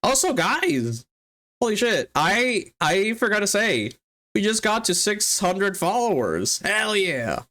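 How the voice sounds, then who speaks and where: A streamer chatting casually on a live broadcast, talking at an unhurried, drawn-out pace. Gets excited easily, laughing, cursing and leaping up in pitch mid-sentence. Speaks straight into a desk mic. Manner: excitable, swears, laughs often, big jumps in pitch. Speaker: livestreamer and 3D artist. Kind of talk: casual livestream chat.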